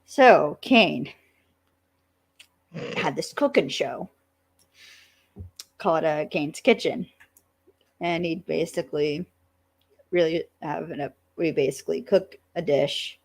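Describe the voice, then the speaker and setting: Low, slow-talking Southern woman. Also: slightly rough. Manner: relaxed recap with fillers, laughs often. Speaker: podcast co-host. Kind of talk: casual chat about a TV show.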